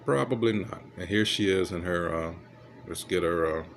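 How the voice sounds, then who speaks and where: Low voiced guy reading news out loud, stops a lot to mutter and fiddle, bit of background hiss. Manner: halting, fumbles with his device and mutters asides. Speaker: commentator reading news aloud. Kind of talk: casual commentary while reading articles aloud.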